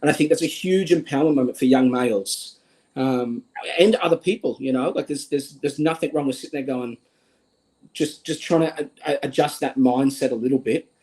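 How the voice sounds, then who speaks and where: A man's voice: medium pitch, a little fast, warm tone, poor audio. A young man with an Australian accent, speaking earnestly as a guest in a livestream conversation and often repeating a word as he starts a thought. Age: young adult.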